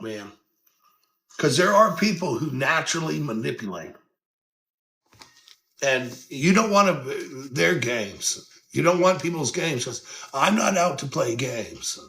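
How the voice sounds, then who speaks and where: A man's voice: on the high side, lively intonation, a little slow, fairly bright tone. A man hosting a podcast, giving casual motivational talk in a blunt, earnest way, swearing freely and circling back over his points. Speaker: podcast host.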